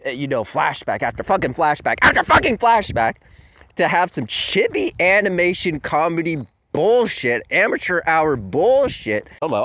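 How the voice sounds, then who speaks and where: A man's voice: on the high side, wildly swooping pitch, normal speed, bright, forceful tone, a little hiss or hum. A man giving a profane, ranting review commentary full of fillers and laughs.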